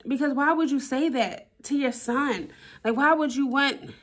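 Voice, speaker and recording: A woman's voice: high voice, normal speed, a bit bright. A woman vlogging candidly about her relationship, emotional and blunt, swearing and repeating herself for emphasis. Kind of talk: personal vlog, talking to camera.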